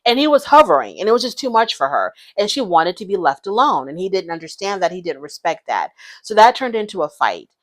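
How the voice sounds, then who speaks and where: A woman's voice: lowish voice, sing-song, brisk, few pauses, fairly bright tone. A woman giving casual, opinionated commentary on a reality show, frank and blunt.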